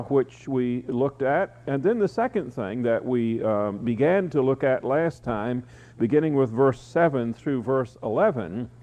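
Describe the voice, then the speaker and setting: A man preaching an evening Bible-study sermon, teaching verse by verse and pausing often on "uh". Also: medium pitch, darkish tone. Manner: teaching, with frequent "uh" pauses. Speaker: pastor.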